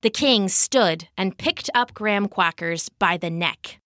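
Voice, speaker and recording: A woman narrating a children's story as a podcast host, with expressive, animated delivery. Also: medium pitch, measured pace, no room sound, studio quality.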